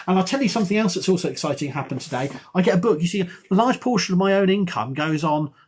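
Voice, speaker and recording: A middle-aged man, an archaeology professor, chatting on a live stream in a rambling, self-mocking and excitable way. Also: high-pitched, quick pace, breathy edge. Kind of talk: casual live-stream chat.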